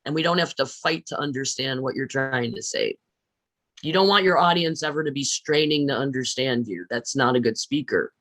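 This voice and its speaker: A woman teaching public speaking in a recorded lecture, stressing words deliberately and often asking her listeners questions. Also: extremely low pitch, fairly bright tone, dry recording. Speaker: speech teacher.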